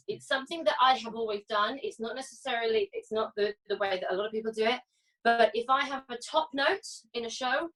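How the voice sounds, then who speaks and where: In this singing masterclass, a British vocal coach with a slightly high, bright voice chats with her students, regularly checking in with "yeah?" and "okay?". It's a low-quality recording made from a distance.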